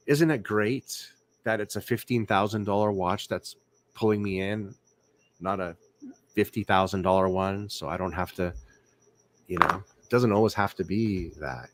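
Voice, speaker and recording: A man's voice: lowish voice, dry recording. A man hosting a casual late-night livestream, rambling, repeating words and asking viewers whether they agree. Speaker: livestream host. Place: indoors at home, night.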